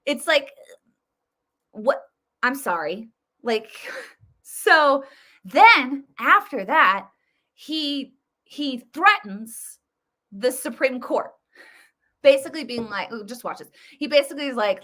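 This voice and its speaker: A woman's voice: fairly high pitch, animated, a little slow, sharp tone. A woman hosting a casual political commentary show, talking in a chatty, opinionated way with many fillers and restarts. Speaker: host.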